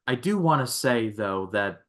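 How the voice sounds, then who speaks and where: A man with an ordinary mid-range voice chats about films in a relaxed way. He leans on fillers and drops wry remarks. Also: medium pitch, unhurried. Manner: easygoing, filler-heavy, wry. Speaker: podcast guest. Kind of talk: casual movie discussion.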